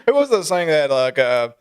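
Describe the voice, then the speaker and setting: A man's voice: on the high side, sing-song, unhurried, smooth. A man hosting a podcast, laughing often and thanking his guest eagerly. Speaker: podcast host. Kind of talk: casual chat.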